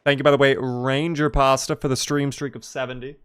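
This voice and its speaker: A man's voice: mid-range voice, level tone, fairly quick, fairly bright tone, clear, resonant tone. A young man casually chatting through a live gameplay stream, reacting to the game and answering his chat.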